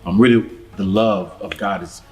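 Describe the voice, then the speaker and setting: A pastor telling his story in a casual church talk show, animated and laughing often. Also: low-pitched, normal speed, soft background music.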